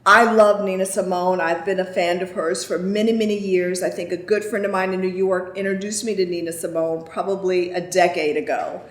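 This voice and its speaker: A woman's voice: fairly low pitch, fairly even intonation, a little fast, few pauses, reverberant. A woman vlogger answering viewer questions in casual chat, chatty and emphatic, often checking in with "okay?". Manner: chatty, emphatic, repeats "I kid you not" and "okay?".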